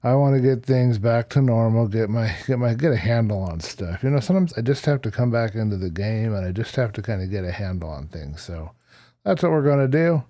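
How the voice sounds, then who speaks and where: A man's voice: mid-range voice, animated, brisk, warm tone, no room sound, clean studio sound. A man casually narrating his gameplay as the show's host, chatty and rambling, with self-deprecating asides and a slight cough. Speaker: Minecraft let's-play host.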